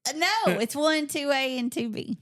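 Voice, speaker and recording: A woman co-hosting a music podcast in a relaxed, casual chat. Her voice sits a little on the high side, and she laughs often while arguing her picks with playful emphasis. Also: normal speed. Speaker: podcast co-host.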